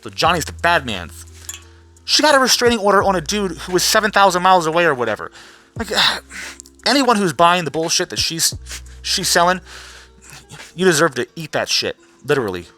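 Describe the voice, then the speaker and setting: A man's voice: on the high side, sing-song, brisk, pauses often, pushed and bright, faint music behind. Blunt, sweary male vlogger. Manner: blunt, sarcastic, swears freely. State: tired. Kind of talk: casual profane rant.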